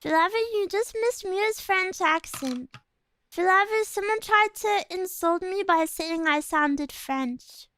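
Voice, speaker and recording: Streamer, female, very high pitch, easygoing slow delivery, bubbly and giggly casual chat. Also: a bit bright, dry recording, rough recording. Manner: bubbly, giggly, chatting with viewers. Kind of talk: casual chat while gaming.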